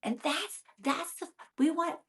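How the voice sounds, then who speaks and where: A middle-aged woman who practices acupuncture, talking as a guest in a chatty, animated way and acting out her inner thoughts as quick quotes. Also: very high-pitched. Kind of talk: casual conversational interview.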